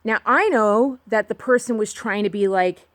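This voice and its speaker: Woman, vlogger, outdoor walk, phone mic, rambling, earnest, restarts often, mid pitch. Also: normal speed, no echo. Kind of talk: candid personal monologue.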